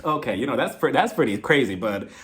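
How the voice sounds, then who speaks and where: A man recapping a reality TV episode as a YouTube reviewer, animated and sarcastic in a casual commentary style. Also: medium pitch, quick pace.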